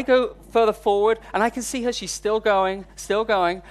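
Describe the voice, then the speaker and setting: A man's voice: high voice, normal speed, hardly any pauses. A man preaching a sermon, telling a personal story in a candid, self-deprecating way. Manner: storytelling, voice rising when recounting frustration.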